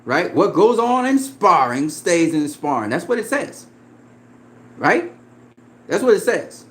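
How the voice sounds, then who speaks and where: Animated, profane man ranting about boxing. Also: high voice, unhurried. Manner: profane, confrontational, laughs often. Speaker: boxing commentator. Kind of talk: heated casual rant.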